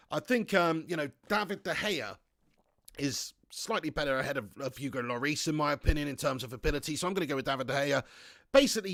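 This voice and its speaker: Chatty excitable man, dry close sound. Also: fairly high pitch, creaky, no echo. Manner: excitable, chatty, often laughing. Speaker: fan channel host. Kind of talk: live stream chat, reading viewer comments.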